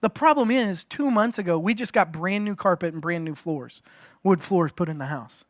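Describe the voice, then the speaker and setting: A male pastor preaching a sermon, telling a story in an animated, joking way with frequent restarts. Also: sits high, moderate pace, no room sound, studio quality.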